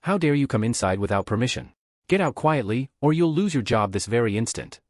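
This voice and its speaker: Bullying rich investor, played by a man, shouting and threatening, dry sound. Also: mid-range voice, expressive, a little fast, no room sound, close to an everyday voice. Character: arrogant bullying male investor.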